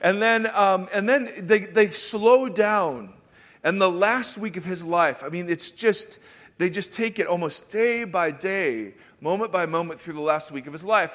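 A man's voice: high-pitched, fairly bright tone. A man in his thirties, a pastor preaching a sermon and dropping wry, self-deprecating jokes between Bible passages. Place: church auditorium. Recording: reverberant church hall.

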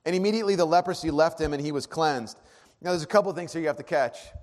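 Earnest pastor in a reverberant hall. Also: male voice, fairly high pitch, quick pace. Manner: earnest, swings from hushed to emphatic. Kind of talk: sermon. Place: church auditorium.

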